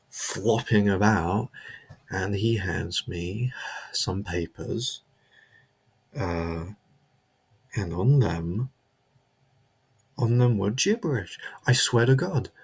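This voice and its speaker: A man's voice: fairly low pitch, a little mellow, husky. A man delivering a comedic character monologue, rambling and stammering, repeating himself as he justifies himself.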